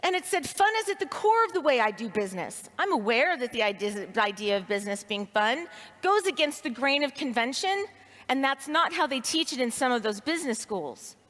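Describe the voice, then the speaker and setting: A woman's voice: sits high, big pitch swings, brisk, fairly bright tone. A woman giving a personal story speech to an audience, expressively acting out her inner voice. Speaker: speaker at a leadership training event. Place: large hall with audience. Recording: reverberant hall sound.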